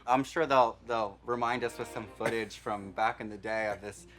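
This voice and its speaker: A man's voice: on the low side, steady tone, moderate pace, fairly bright tone, faint music behind. A man in his thirties, a guest in a casual chat, wry and self-deprecating. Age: 30s.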